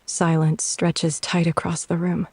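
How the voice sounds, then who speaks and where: A woman reads a dark romance audiobook at a slow, measured pace in a mid-range voice. She narrates in first person with quiet tension, recorded close and dry. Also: fairly low pitch, level tone, breathy edge, no room sound. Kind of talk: dramatic audiobook reading.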